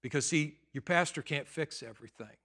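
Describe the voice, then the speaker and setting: Middle-aged male pastor, bright forward voice, chatty sermon delivery with emphatic outbursts. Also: fairly high pitch, a little fast, vocal fry. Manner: conversational, swings from quiet asides to loud emphatic bursts. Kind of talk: sermon with personal story.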